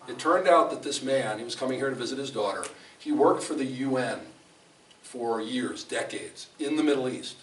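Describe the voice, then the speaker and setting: A man's voice: medium pitch, normal speed, fairly bright tone. A man giving a conversational, storytelling sermon in a fellowship hall, speaking emphatically and often restarting his sentences. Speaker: preacher. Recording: echoey hall from a distant mic, faint room noise.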